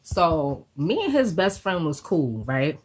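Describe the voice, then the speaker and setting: A woman vlogger telling a storytime in a slangy, animated way, swearing freely and acting out the people in her story. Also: low-pitched, takes it slowly, slightly rough. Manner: acts out the voices of people in the story. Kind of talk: storytime vlog.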